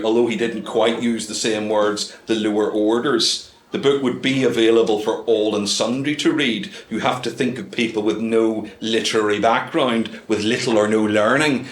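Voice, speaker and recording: A man's voice: fairly low pitch, roomy sound, a little hiss or hum. A man giving a humorous talk to a club, full of dry asides and hesitant ums. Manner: wry, dry asides with many ums and uhs. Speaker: guest speaker. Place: club meeting room.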